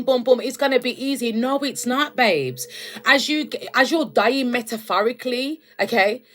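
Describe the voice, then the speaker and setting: A young woman, her voice sitting a little high, talks straight to her viewers in a loose spiritual rant. She is chatty and emphatic and keeps calling them babes. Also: a bit bright. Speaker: spiritual content creator. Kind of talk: casual spiritual rant to camera.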